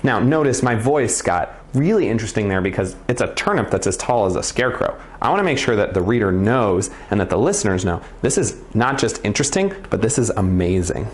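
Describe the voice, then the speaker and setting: Lively low-voiced man teaching reading. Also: a little fast, hardly any pauses. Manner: playful, expressive, encouraging. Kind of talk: video reading lesson for children.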